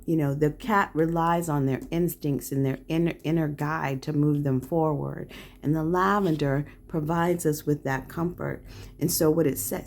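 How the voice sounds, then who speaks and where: Low-voiced woman giving a calm tarot reading. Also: slight background noise. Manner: reflective, often ends phrases with "right?". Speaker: tarot reader hosting a channel. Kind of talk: pick-a-card tarot reading.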